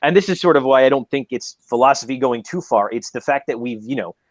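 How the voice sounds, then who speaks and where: A man's voice: mid-range voice, expressive, quick pace, no echo. Hesitant male guest searching for words. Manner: hesitant, searching, many fillers. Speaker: debate guest. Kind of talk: casual debate chat.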